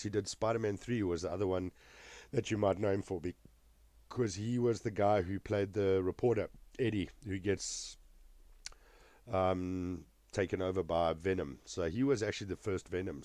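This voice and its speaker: Man, movie reaction host, casual rambling commentary, lowish voice, dry close sound. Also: moderate pace, a little mellow, dry recording. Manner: rambling, with many fillers and restarts.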